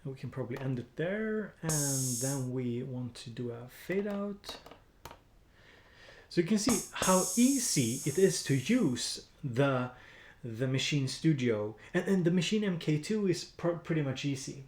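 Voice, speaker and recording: A man's voice: fairly high pitch, big pitch swings, measured pace, roomy sound, noisy background. A man with a Swedish accent chatting casually on a music-production live stream, rambling with lots of fillers and restarts while he edits samples. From Sweden.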